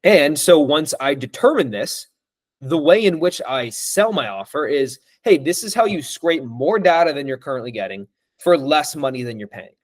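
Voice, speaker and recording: A man's voice: fairly high pitch, lively intonation, normal speed, dry recording. Casual man talking through sales calls. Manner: acts out both sides of sales calls, many fillers. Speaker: sales coach. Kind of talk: casual teaching monologue.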